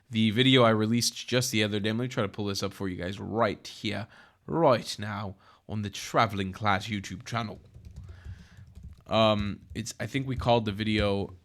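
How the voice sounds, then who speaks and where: Brief: male YouTube host, loose and profane, mid-pitched voice, reacting to news clips. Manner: animated, profane and chatty. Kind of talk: casual news commentary.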